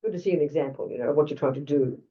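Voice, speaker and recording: An older Australian woman, a Buddhist teacher with a deep voice, races through a dharma talk. She's blunt and conversational, full of asides to her listeners, and the lo-fi recording sounds like it came from a distant mic.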